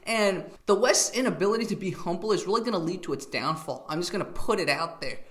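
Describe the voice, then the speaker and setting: A man giving excitable, animated reaction commentary on a video clip. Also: high voice, fast.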